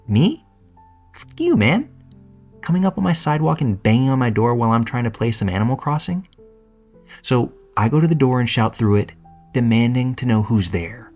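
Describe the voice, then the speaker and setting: A man's voice: mid-range voice, creaky, a little mellow. A man reading a first-person horror story aloud in a casual, profane storytelling manner. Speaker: narrator. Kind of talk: scripted horror story narration.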